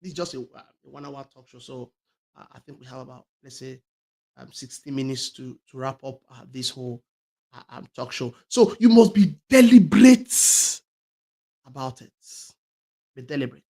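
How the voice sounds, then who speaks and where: A man's voice: mid-range voice, expressive, moderate pace, creaky. A man hosting a talk show, giving an emphatic motivational talk that repeats its key phrases and restarts often. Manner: swings between loud stresses and quiet trailing words.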